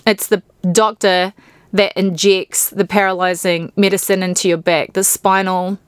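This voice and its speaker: A woman's voice: medium pitch, little pitch movement, unhurried, smooth, no room sound. A woman from New Zealand with a New Zealand accent, hosting a podcast and candidly, emotionally retelling personal stories. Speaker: podcast host.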